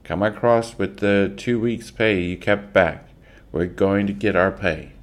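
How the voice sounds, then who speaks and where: A rough crowd of working men, as one low-voiced man reads them, shouts demands from a storybook. The voice is deep and loud, with a slow, heavy delivery. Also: steady tone, close to an everyday voice. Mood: demanding.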